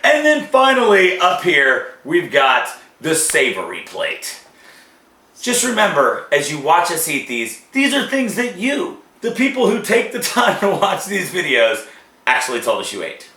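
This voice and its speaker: A man hosts a casual food-tasting video, joking and stretching out his reactions. His voice is bright and slightly high, and it rises and falls a lot. The sound carries the echo of a bare room. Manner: animated, joking, drawn-out reactions. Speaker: show host. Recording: echoey room.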